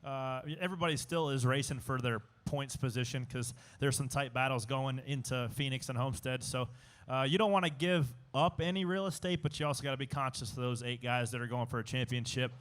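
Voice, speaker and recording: A man's voice: mid-range voice, brisk, fairly bright tone. A young man, a race car driver, chatting in a casual interview, rambling with many fillers and restarts. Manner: rambling, self-interrupting, with filler words and laughs. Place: outdoor live show stage at a racetrack.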